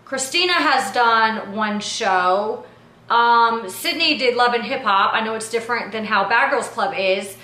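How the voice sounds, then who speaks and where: Woman, bright voice, fairly high, animated and indignant, slangy storytime chat, echoey room. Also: a little slow. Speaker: reality TV personality and producer. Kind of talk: casual storytime recap to camera.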